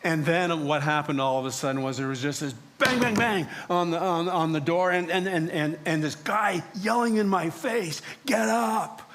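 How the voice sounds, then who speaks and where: Male pastor, first-person dramatic sermon storyteller, mid-high voice. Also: moderate pace, hardly any pauses, a bit bright. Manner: storytelling in character as a biblical prophet, acting out quoted voices. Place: church sanctuary.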